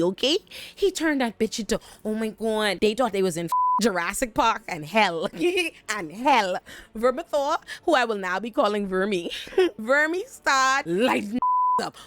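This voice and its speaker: A young woman giving a lively, joking recap of a TV episode, laughing often, cursing playfully and acting out the characters. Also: medium pitch, dry recording. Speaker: TV recap host.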